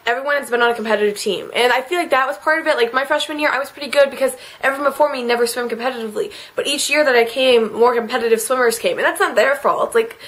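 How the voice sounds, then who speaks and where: A teenage girl speaks straight to her camera in a confessional vlog, her voice sitting a little high. She rambles and leans on filler words, and she sounds close to tears the whole way through. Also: a bit bright. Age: late teens. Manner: rambling, emotional, many "like" fillers. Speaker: vlogger.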